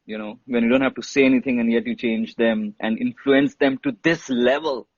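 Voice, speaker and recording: Man, husky voice, dry muffled sound, lively casual storyteller. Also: medium pitch, brisk, no echo. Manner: animated, swears freely, says bro and dude. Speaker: guest telling a story. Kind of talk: casual storytelling on a live stream.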